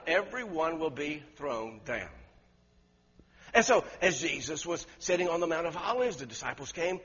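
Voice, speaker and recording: Male preacher, husky and high-pitched, emphatic sermon delivery, lo-fi recording with long hall reverb. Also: lively intonation, normal speed. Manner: emphatic, questions the congregation, rises to loud peaks.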